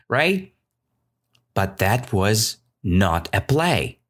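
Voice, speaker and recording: A man with a Russian accent tells a story to teach English, speaking unhurriedly and often asking "right?". His pitch swings high and low with lively expression. His steady pace leaves room for learners to follow. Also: very slow. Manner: animated, keeps checking in with "right?".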